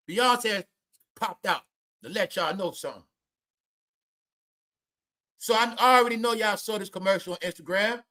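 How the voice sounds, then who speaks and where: A man riffs through comedic celebrity gossip in a loud, laughing, swearing way. His voice sits high and sounds bright and forceful. He keeps calling out names over and over. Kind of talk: casual comedic commentary.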